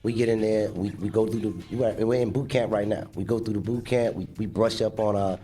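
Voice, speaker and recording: A man from Boston, a singer guesting on a radio show, talking in a smooth, laid-back way. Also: lowish voice, steady tone, brisk, warm tone. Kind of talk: casual radio interview.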